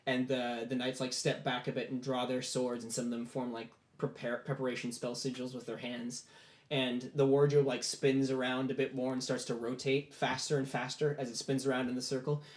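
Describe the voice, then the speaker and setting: A man's voice: mid-range voice, flat delivery, brisk. A man narrating a tabletop game as game master, in casual storytelling with lots of "like" fillers. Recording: roomy echo.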